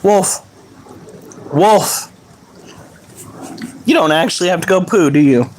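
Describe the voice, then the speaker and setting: An exasperated pet owner talks to their dogs at home at night, swearing freely as they fuss. The delivery is slow and unhurried, and the pitch swings widely from low grumbles to sudden high yelps. The recording is noisy, with dogs shuffling and barking close by. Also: lively intonation, darkish tone. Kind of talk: casual talk to dogs while filming.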